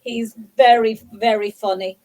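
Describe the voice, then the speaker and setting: A woman's voice: a little high, fairly even intonation, a little slow, a little mellow, poor audio. A woman chatting eagerly as a panelist on a talk show. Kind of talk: casual panel chat.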